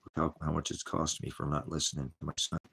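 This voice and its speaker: Weary ministry host, very low pitch, rambling vlog monologue. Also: male voice, level tone, fast talker, fairly bright tone. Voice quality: gravelly, husky. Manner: weary, sighing, drifts between topics. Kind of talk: rambling personal vlog talk.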